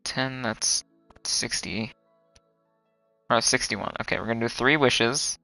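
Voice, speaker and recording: A young man streaming a game live, chatting casually and groaning loudly when his luck turns bad. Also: medium pitch, slow pace, creaky, no echo, soft background music, rough recording.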